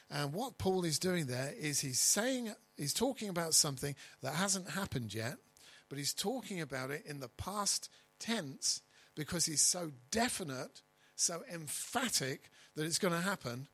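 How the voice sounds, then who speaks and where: Man, pastor, sermon, husky, fairly high voice, emphatic then hushed. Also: expressive, moderate pace, rough recording. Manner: emphatic, swinging between loud stresses and quiet asides.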